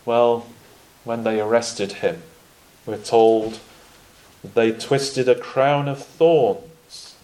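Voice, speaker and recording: A man preaching a sermon in a measured way, pausing often and restarting phrases. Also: medium pitch, steady tone, mellow, rough recording. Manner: measured, with frequent pauses and restarts.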